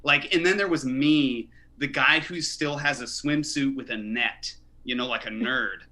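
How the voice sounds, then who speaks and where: A man's voice: medium pitch, measured pace, pushed and bright. A man in his thirties doing a self-deprecating stand-up set over a video call, rambling with fillers. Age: 30s. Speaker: comedian.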